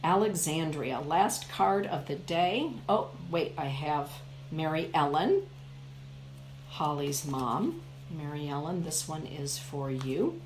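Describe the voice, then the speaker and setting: A woman reads oracle cards to her viewers at an unhurried, deliberate pace, leaning hard on her key words. Her voice sits a little low and carries a noticeable room echo. A faint hiss of background noise runs underneath. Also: lively intonation. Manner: slow, emphatic, addresses viewers by name. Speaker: spiritual author and card reader. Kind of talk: live oracle card reading for viewers.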